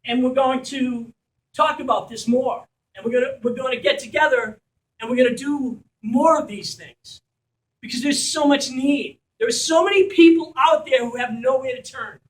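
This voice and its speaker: A man's voice: very high voice, moderate pace. A man speaking as organizer at a community fundraiser at a school, passionate and blunt, sometimes swearing. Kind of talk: impassioned fundraiser speech. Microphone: distant from the mic. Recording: echoey room, recorded from far off.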